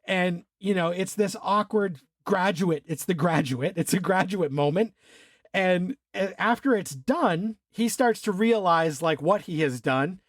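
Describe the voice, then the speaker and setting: A man co-hosting a podcast, casually talking through a film, animated, laughing and swearing as he acts out scenes. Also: high-pitched, a little slow, no room sound, clean studio sound. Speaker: podcast co-host.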